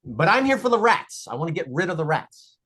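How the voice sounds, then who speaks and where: Animated storyteller, mid-pitched voice. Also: brisk, breathy edge. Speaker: guest, cartoon creator. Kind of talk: casual podcast conversation.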